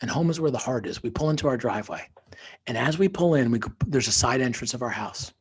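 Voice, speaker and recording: A man's voice: mid-range voice, expressive, fast, slightly rough. A man who is a podcast guest and author, telling a personal story emphatically, sometimes dropping into a whisper for effect.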